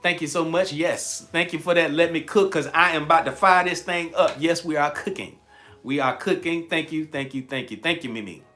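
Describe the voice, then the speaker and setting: A man, a coach, hosts a live-streamed coaching talk with lots of energy, repeating key phrases and greeting viewers by name in a chatty way. His voice is fairly high-pitched at a moderate pace, with faint music behind him.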